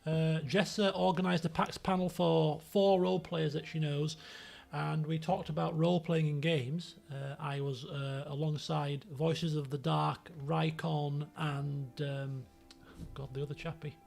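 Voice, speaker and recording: A man from Yorkshire, England, chats casually on his stream in a Yorkshire accent, rambling with many fillers and restarts. His voice is a little high and gravelly.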